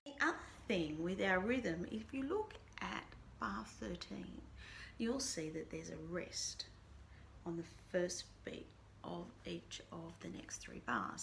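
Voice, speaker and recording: A woman's voice: lowish voice, lively intonation, measured pace, creaky, a bit bright, a little hiss or hum. A woman teaching a band lesson, walking students through a piece step by step and singing rhythms on nonsense syllables. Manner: patient, explains step by step. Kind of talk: recorded music lesson.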